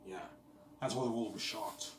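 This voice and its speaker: Male vlogger, deep-ish voice, rambling profane monologue; roomy echo, faint ambient noise. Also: normal speed, far from the mic. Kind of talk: casual rambling monologue to viewers.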